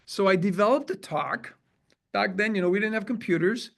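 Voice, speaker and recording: Canadian man, animated storyteller. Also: high-pitched, moderate pace, gravelly. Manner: animated storyteller who acts out quoted dialogue. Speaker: chiropractor guest. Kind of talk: storytelling in an interview.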